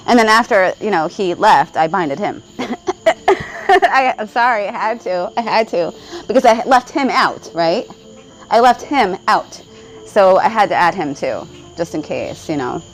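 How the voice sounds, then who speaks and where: A woman's voice: fairly low pitch, poor audio. A woman vlogger telling a spiritual story in casual, rambling talk, often checking in with "right?" and laughing along the way. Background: faint crickets.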